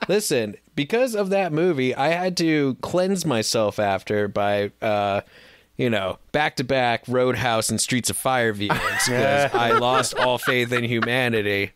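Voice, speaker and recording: A man co-hosting a podcast in casual chat, ranting in an animated, profane way with frequent restarts. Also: mid-range voice, unhurried. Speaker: podcast co-host.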